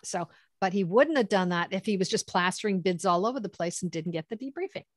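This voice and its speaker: A middle-aged woman consultant telling stories in conversation, animated and acting out quoted dialogue. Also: mid-range voice, fast talker, dry recording, studio quality. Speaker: government contracting consultant. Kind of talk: conversational storytelling.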